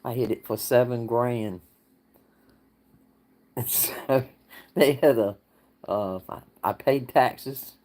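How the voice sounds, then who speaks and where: A man's voice: medium pitch, slow, long pauses, a little mellow. A man talks in a casual livestream chat. He rambles in a folksy way, answering viewers and laughing often. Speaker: livestream host.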